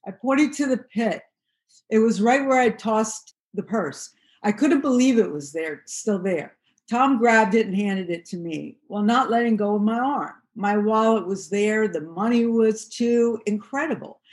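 A woman reading her own first-person memoir aloud in a steady, measured storytelling voice. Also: on the high side. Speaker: narrator.

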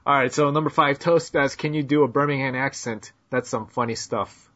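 A man's voice: mid-range voice, a little fast, bright, forceful tone. An American man hosts a casual podcast chat, reading out listener questions in a blunt, teasing way and laughing often. His voice sits in an ordinary middle range. The recording sounds dull and lo-fi. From United States. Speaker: podcast host.

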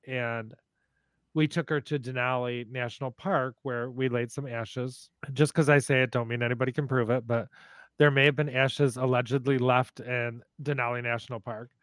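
A man hosting a podcast, telling family stories in a casual, animated, profane way. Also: mid-range voice, clean tone, dry recording. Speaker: podcast host. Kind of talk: casual storytelling.

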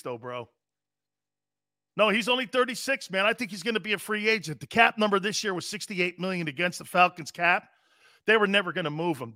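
A middle-aged man hosting a live sports talk show, loud and brash, often shouting and laughing as he reads viewer comments. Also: high voice, no room sound, studio quality.

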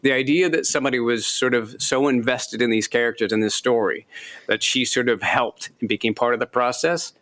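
A man, an author being interviewed, telling stories in a lively, self-deprecating way and laughing often. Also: medium pitch, fairly quick. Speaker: author guest. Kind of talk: casual interview chat.

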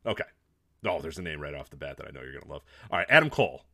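Lively, bright-voiced man chatting casually. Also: a bass voice, very fast, vocal fry. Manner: laughs often, swears casually. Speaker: podcast co-host. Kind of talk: casual wrestling chat.

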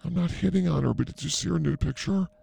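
A man's voice: on the high side, fast, creaky, dark tone, breathy edge, no room sound, full character voice. A man playing a brash, flirty fake psychic healer in a comedy sketch, rambling through crude banter. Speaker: comedy show host.

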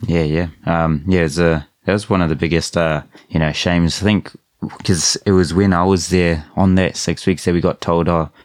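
Deep-voiced easygoing male podcast host. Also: steady tone, moderate pace, no echo, clean studio sound. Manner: easygoing, hesitant with many "um" and "uh" fillers. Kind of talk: casual chat.

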